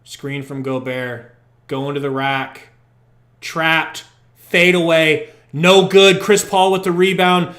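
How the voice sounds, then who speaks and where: Young male podcast co-host, live play-by-play; bright, unhurried, echoey low-grade mic. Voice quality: profane, partisan fan commentary. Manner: excitable, swings from muttering to shouting. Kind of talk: live fan play-by-play reaction stream. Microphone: poor quality microphone.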